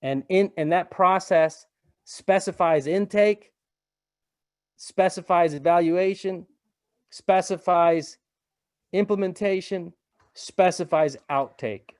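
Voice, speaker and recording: A man's voice: high-pitched, slow, pauses often, no room sound, studio quality. A middle-aged man giving a webinar presentation in a casual, conversational way, repeating phrases and checking in with "right?".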